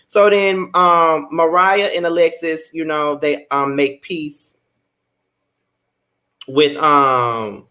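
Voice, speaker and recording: Sassy, profane young man reviewing reality TV. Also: takes it slowly. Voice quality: blunt, profane, sassy commentary. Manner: animated, rants with big pitch jumps. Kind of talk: casual recap vlog.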